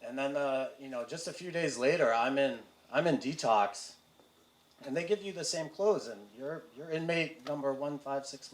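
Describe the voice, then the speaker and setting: A man telling his personal recovery story to a live audience, halting and candid, with wry humor and frequent fillers. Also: medium pitch. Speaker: speaker sharing a recovery story. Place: community event hall with audience. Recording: roomy hall with faint room noise.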